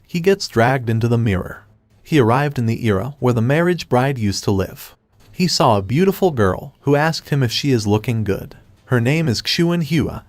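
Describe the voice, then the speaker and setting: A man's voice: medium pitch, no room sound. Man reading a dry comic recap. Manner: steady, even storytelling read. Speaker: narrator. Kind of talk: scripted comic recap narration.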